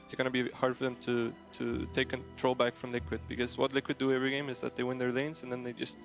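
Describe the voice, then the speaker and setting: A man's voice: medium pitch, monotone, quick pace, creaky, faint music behind. A man working as an esports analyst on a panel, thoughtful and hesitant, with frequent fillers.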